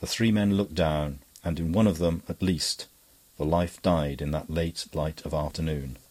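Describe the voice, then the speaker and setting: A man narrating an audiobook with a measured, even reading style. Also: a bass voice, slightly rough. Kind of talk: scripted narration.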